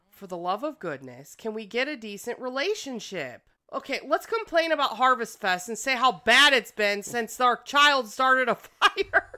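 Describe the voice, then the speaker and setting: A woman hosting a casual let's-play, excitable and exclamatory as she bosses her game characters around. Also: on the high side, a little fast, hardly any pauses, smooth. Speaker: gaming channel host.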